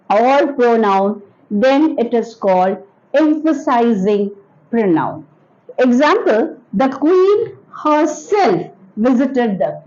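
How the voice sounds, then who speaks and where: A woman teaching an English grammar lesson to children, speaking slowly and repeating each point with examples. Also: sits high, a little mellow, lo-fi sound. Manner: addresses children directly.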